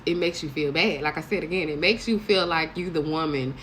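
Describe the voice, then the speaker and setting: Low-voiced blunt woman in her thirties. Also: fairly quick, a bit bright, slight background noise, low-quality recording. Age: 30s. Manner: blunt, profane storytelling with bursts of laughter. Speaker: vlogger. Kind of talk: casual monologue to camera.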